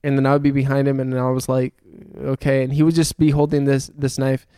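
A man's voice: medium pitch, monotone, a little fast, mellow, clear, resonant tone, no echo, studio quality. A young man telling a long story in casual chat, swearing often and laughing as he goes.

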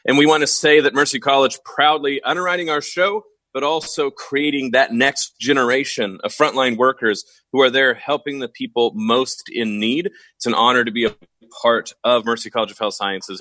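Bright-voiced jokey male radio host. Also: medium pitch, steady tone, a little fast, no room sound, rough recording. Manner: jokey, folksy, addresses listeners as folks. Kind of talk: casual radio talk chat. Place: studio.

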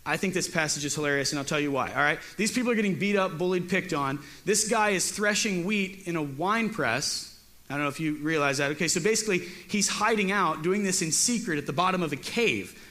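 A man's voice: a little high, a little fast, pushed and bright. A man teaching a casual Bible lesson as a youth pastor. He is chatty and joking and often repeats his words.

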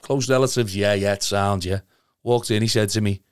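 A man's voice: lowish voice, fairly even intonation, normal speed, smooth, no echo, studio quality. A young man with a Liverpool accent telling an emotional story in casual chat, rambling, earnest and swearing a lot. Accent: Liverpool (Scouse). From Liverpool, England.

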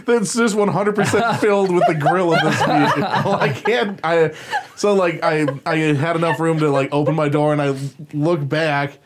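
A man telling a funny story in casual, animated conversation. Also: fairly high pitch, normal speed, heavy background noise. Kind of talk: casual chat.

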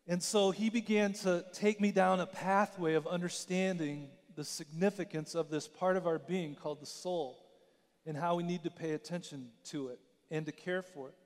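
Conversational pastor in a reverberant hall. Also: male voice, high-pitched, steady tone, moderate pace. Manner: conversational storytelling, asks the audience questions. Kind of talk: sermon.

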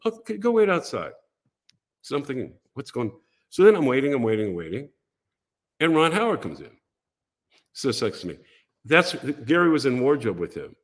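Older man, podcast guest, lively storyteller, very varied pitch, plays out quoted voices. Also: moderate pace, pauses often. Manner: animated, acts out quoted voices. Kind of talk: casual storytelling.

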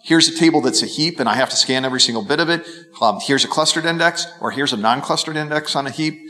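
A man on a conference panel explaining calmly and at length. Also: a little high, fast talker. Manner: calm, explanatory. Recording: reverberant conference hall.

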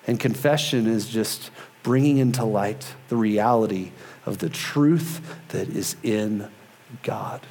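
A man in his thirties preaching a sermon, earnest and emphatic, easing into a soft, quiet tone for prayer. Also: fairly low pitch, slow pace. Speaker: pastor.

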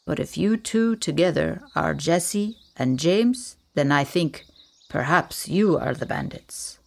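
A woman voicing a grave, bearded older man who speaks slowly and formally with a thick foreign accent. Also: low voice, animated, vocal fry, a little mellow, full character voice.

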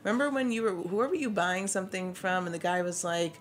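Woman cohost, dry short comments, lowish voice. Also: fairly quick, soft background music. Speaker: podcast co-host. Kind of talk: casual chat and ad read.

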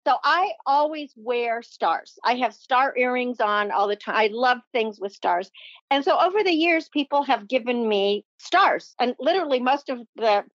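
A woman's voice: fairly high pitch, lively intonation, normal speed, fairly bright tone, dry recording. A woman guest on a podcast, talking from her home office in an effusive, upbeat, motivational way. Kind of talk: enthusiastic interview talk. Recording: dull, lo-fi sound.

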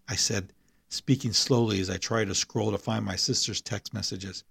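A man's voice: fairly low pitch, steady tone, moderate pace, creaky, fairly bright tone, slightly rough, no echo, studio quality. A man hosting a podcast, reading his own story and then chatting in a rambling way, full of fillers and restarts. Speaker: podcast host and author. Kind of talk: story reading and casual chat.

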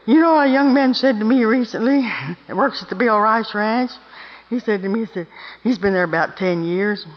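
A woman's voice: a little high, moderate pace. Older woman preaching in an echoing hall. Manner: emphatic, asks the audience "Hmm?". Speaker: speaker at a women's meeting. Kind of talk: folksy storytelling talk to women. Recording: dull recording in a long-echo hall.

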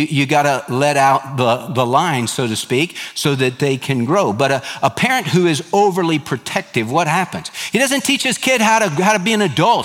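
A man's voice: fairly high pitch, a bit bright. A middle-aged male pastor preaching a sermon in an earnest, emphatic way, often working through numbered points. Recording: hall reverb.

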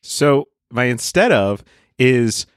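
Deliberate, dry-humored podcast man. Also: medium pitch, lively intonation, clean tone, no echo. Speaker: podcast co-host. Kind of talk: casual comedy chat.

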